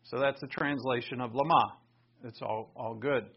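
A man teaching a Bible lesson in sermon style, conversational and animated, raising his voice for emphasis. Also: mid-range voice, normal speed, gravelly, slightly rough. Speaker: pastor teaching. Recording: dull lo-fi recording.

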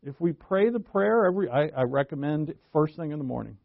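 A man's voice: on the high side, lively intonation, brisk, vocal fry, no room sound. A man preaching a sermon with emphatic bursts on key words and folksy asides. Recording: dull lo-fi dry recording.

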